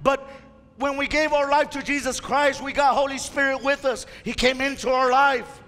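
A male pastor preaching a fiery sermon to his church, whose impassioned delivery rises to shouts. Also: extremely high pitch, steady tone, normal speed. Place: church sanctuary. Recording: reverberant church hall with faint music.

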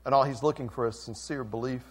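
A male pastor preaching a sermon, swinging from quiet, intimate lines to loud, fervent ones. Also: medium pitch, steady tone, fast talker. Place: church sanctuary.

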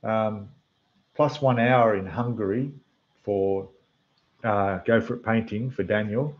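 A man with an Australian accent hosting a casual model-building livestream, chatting away to viewers in a slightly rough voice. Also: on the low side, takes it slowly, highs cut off. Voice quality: rough, losing its depth. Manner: chatty, rambling, talks to the chat while building. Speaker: scale model livestream host. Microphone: desk microphone, quieter when turned away.

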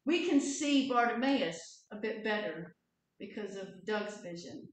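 A woman pastor telling a story in a relaxed, conversational sermon. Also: mid-range voice, a little slow. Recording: echoey church hall from far off.

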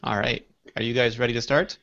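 A man's voice: mid-range voice, steady tone, a little fast, creaky, fairly bright tone. A man born in South Africa hosting a live podcast, with a playful, teasing way of talking. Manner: playful, teasing, jumps into joke voices. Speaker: podcast host. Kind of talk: casual live podcast chat. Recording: lo-fi online call audio.

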